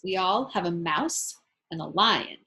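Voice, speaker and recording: A woman teacher reading a rhyming picture book aloud to children, expressive and asking them questions. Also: on the low side, highs cut off. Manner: slow, expressive, asks listeners questions. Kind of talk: children's storybook read-aloud.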